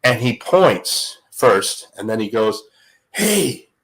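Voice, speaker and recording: A man's voice: fairly low pitch, slow, fairly bright tone, low-quality recording. An older man, a guest on the show, telling stories in a dramatic, emphatic way. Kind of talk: animated storytelling.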